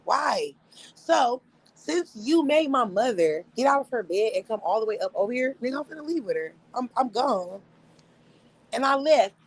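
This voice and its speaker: A woman's voice: a little high, normal speed, low-quality recording. A young woman hosting a livestream, telling a story casually, with frequent laughter, profanity. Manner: animated, profane, laughs often. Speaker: livestream host.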